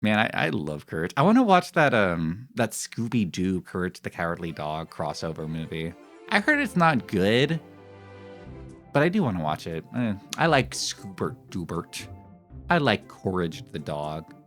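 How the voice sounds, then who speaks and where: A man in his thirties chatting casually with his stream viewers in a rambling, animated way, often breaking into laughter. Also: deep voice, normal speed, faint music behind. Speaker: live streamer.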